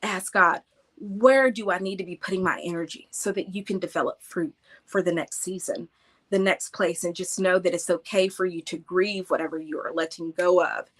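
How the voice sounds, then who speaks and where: A woman's voice: fairly low pitch, steady tone, moderate pace. Earnest woman giving a faith talk. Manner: earnest, conversational, repeats phrases for emphasis. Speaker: livestream host. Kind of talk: faith-based encouragement talk.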